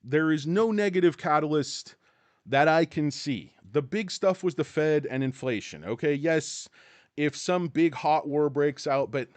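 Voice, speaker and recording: A man's voice: a little high, dry recording. A man hosting a casual livestream, rambling and a bit profane as he greets viewers by name. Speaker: livestream host. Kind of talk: casual live-stream chat.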